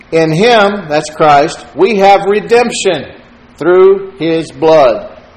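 Preacher guy, highish voice, fired up, quoting scripture and calling out folks in the pews, echoey church. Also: slight background noise. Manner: preaching with rising fervor, quoting scripture and addressing congregants by name. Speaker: pastor. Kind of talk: sermon.

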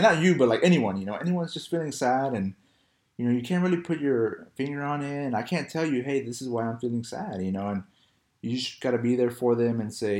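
A man's voice: mid-range voice, a little mellow. Young male co-host, easygoing storyteller, echoey room. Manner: laid-back, storytelling, laughs often. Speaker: podcast co-host. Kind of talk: casual chat.

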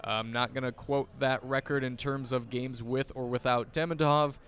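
A man's voice: mid-range voice, steady tone, moderate pace, fairly bright tone. A man hosting a soccer podcast, joking wryly and bantering with his co-host. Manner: wry, joking. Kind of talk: casual sports chat.

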